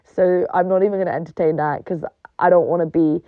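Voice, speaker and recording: A woman's voice: on the low side, fairly even intonation, brisk, no room sound. Young woman, casual rant, sarcastic, profane, filler-heavy, dull lo-fi dry recording. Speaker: online personality.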